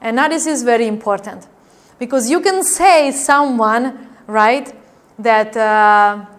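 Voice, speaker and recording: A woman's voice: on the high side, slow. Woman NLP trainer lecturing a class. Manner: demonstrative, acts out tone changes and asks the class "right?".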